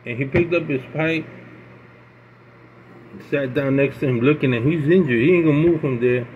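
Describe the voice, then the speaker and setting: A man tells a story in a loose, rambling, folksy way, circling back and repeating phrases. His voice sits at an everyday middle pitch. The sound is narrow like a phone line, with a faint hiss underneath. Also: normal speed. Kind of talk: casual oral storytelling.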